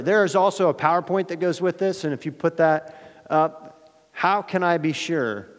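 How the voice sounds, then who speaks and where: A man's voice: on the high side, normal speed. Dramatic male pastor in a reverberant hall. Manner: dramatic, swings between loud emphasis and hushed asides. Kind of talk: sermon.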